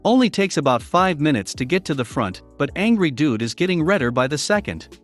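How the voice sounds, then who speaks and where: A man narrating reddit revenge stories in a scripted, animated storytelling manner. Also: a little high, fairly quick. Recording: faint background music.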